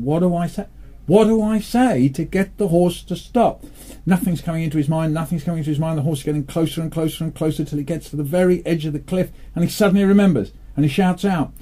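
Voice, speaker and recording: An older man from England, talking in a relaxed interview with a dry, playful manner and telling jokes with lively delivery. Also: mid-range voice, breathy edge. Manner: dry, playful, animated when storytelling. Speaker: interviewee, children's author.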